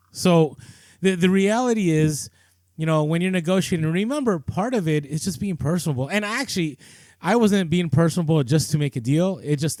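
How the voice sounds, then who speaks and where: A man's voice: on the high side, a little mellow, no echo. A man co-hosting a podcast, telling a story in a loose, chatty way with lots of fillers and restarts. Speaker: podcast co-host. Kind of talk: casual storytelling chat.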